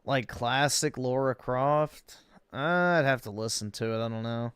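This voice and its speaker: A man's voice: mid-range voice, a little slow, a bit bright, clean tone, dry recording. A man streaming, giving blunt, profane reaction commentary.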